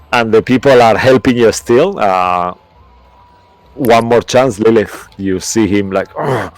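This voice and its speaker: A man's voice: on the low side, no room sound. A man running a tabletop game as game master, narrating in a rambling way and searching for words.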